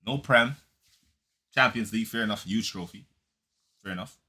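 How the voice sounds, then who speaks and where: A man's voice: fairly low pitch, moderate pace, sharp tone, breathy edge. A man giving a heated, mocking football reaction commentary, using street slang and repeating lines for emphasis.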